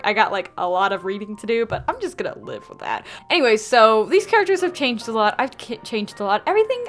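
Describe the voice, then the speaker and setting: Chatty young Southern woman vlogger. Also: fairly high pitch. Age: young adult. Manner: chatty, animated, quotes people in put-on voices. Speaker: artist vlogger. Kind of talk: casual storytelling over a speedpaint.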